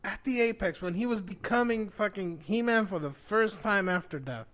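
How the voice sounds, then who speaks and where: A man co-hosting a casual show, ranting excitedly and swearing a lot. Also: high-pitched, normal speed. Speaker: podcast co-host. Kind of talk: casual chat.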